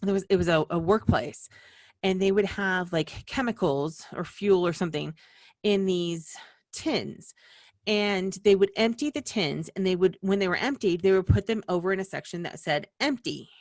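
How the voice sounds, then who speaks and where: In a small-business video, a woman from the western United States gives a chatty, meandering explainer, full of asides and restarts. Her voice is a little mellow and on the low side at a normal pace, in a dry studio-quality recording.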